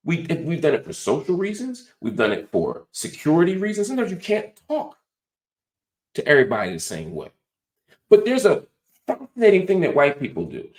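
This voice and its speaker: Male host, higher-pitched and very animated, emphatic lecture-style commentary, throws rhetorical questions. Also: echoey room. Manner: frequent "right?" tag questions; profanity-laced colloquial talk. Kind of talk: political commentary monologue.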